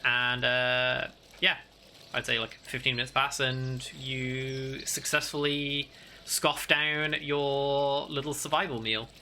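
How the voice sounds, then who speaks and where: A man runs a tabletop game, describing scenes in a loose, meandering way studded with filler words. His voice has a very bright, clear ring, with a faint hiss of noise underneath. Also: mid-range voice, flat delivery, slow pace. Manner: rambling, full of "like" fillers. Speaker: game master. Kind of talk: narrating a tabletop game, casual.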